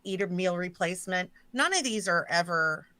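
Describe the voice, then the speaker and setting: A woman hosting a casual live stream, chatting loosely and swearing, with jokey shout-outs to her chat. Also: lowish voice, lively intonation, moderate pace, no echo. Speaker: stream host.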